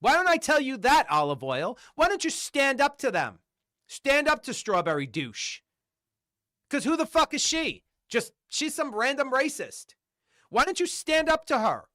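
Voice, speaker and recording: His pitch is extremely high and sing-song, pushed and bright, at a normal speed. He rants angrily on a livestream, cursing, repeating himself and firing off rhetorical questions in a combative way.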